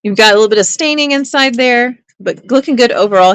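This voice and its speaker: A woman's voice: fairly high pitch, expressive, fast, a bit bright, smooth, dry recording, low-quality recording. Woman, live auction seller, casual upbeat patter, playful asides, dry close sound.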